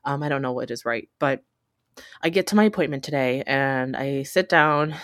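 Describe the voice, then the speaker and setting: A woman in her thirties tells a story from her own life in a low, dry-sounding voice. She rambles and restarts, peppering every thought with "like" and "you know". She stays candid and close to tears. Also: normal speed, no room sound. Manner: rambling, heavy use of filler words like "like" and "you know"; emotional and candid. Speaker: podcast host. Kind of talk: casual personal storytelling.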